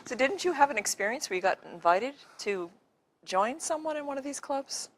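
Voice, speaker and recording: A woman's voice: sits high, expressive, normal speed, slight background noise. A woman hosting a music show, chatting with her guest and encouraging him with brief reactions and questions. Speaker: show host. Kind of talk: interview chat.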